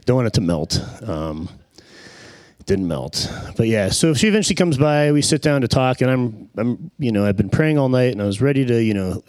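A man's voice: medium pitch, lively intonation, normal speed, darkish tone, dry recording. A man in his forties telling a personal faith story into a handheld microphone in an earnest, reflective way, often searching for words. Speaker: speaker sharing a personal testimony.

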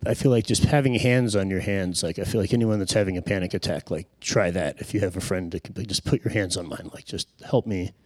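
A man in his forties speaks into a handheld microphone, sharing a personal testimony in an earnest, reflective tone. His voice sits a little low, and he pauses often to search for the right words. The sound is close and dry. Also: darkish tone, no echo.

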